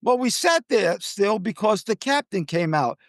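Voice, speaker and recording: An older man telling a travel story in casual chat, animated, acting out the people he quotes. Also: normal speed, no echo, studio quality. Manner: animated, acts out quoted people with jumps in pitch.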